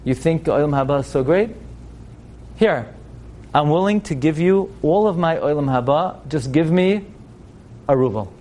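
A man's voice: fairly high pitch, animated, normal speed, long pauses, darkish tone, natural voice. A man voicing an infuriated doctor who mocks and scorns. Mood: scornful. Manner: scornful, mocking.

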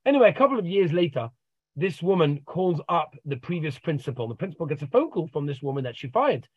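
A man's voice: a little high, sing-song, fast, husky, no echo. A man working as a life coach, telling motivational stories and acting out the dialogue in them, recorded over a video call. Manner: tells stories and acts out the dialogue. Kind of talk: motivational storytelling. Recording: dull, dry video-call audio.

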